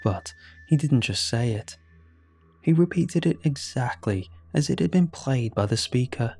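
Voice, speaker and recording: A man reading a horror story aloud in a measured, grave scripted narration. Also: medium pitch, expressive, a little mellow, husky. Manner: slow, measured, grave delivery. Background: faint background music.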